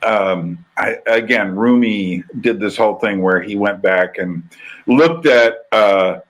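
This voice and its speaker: A man with a husky, slightly breathy voice talks through ideas in a loose conversational way. He wanders and restarts as he thinks aloud, hosting a relaxed chat about music. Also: on the low side, slow, poor audio. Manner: rambling, thoughtful, restarts often. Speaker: podcast host. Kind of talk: casual conversation reacting to a video.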